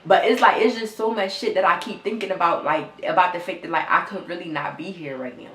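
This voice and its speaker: A woman's voice: on the low side, brisk, a bit bright, reverberant. A young woman telling her story straight to viewers in a vlog, near tears, raw and repetitive, swearing often. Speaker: vlogger.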